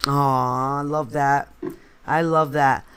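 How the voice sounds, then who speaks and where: A woman's voice: a bass voice, flat delivery, takes it slowly, fairly bright tone, clear, resonant tone. A woman co-hosting a casual live stream chat, effusive and full of compliments.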